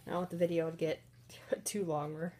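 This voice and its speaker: A woman narrating her pets at home while filming on a handheld phone, chatty and giggly, slipping into squeaky voices for the animals. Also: flat delivery, brisk, dark tone, a little hiss or hum. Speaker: pet vlogger. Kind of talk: casual off-camera narration of pets. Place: indoors at home. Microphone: handheld phone camera.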